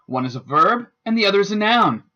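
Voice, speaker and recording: A man giving a scripted instructional narration as a student presenter, with a careful, deliberate teaching delivery. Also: high voice, very animated, pushed and bright. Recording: dull lo-fi voice-over.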